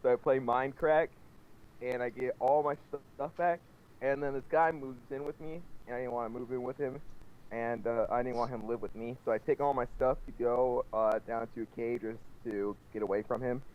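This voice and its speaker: A man's voice: medium pitch, fairly even intonation, fairly quick. A man in casual chat, telling a long run-on story. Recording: dull lo-fi recording.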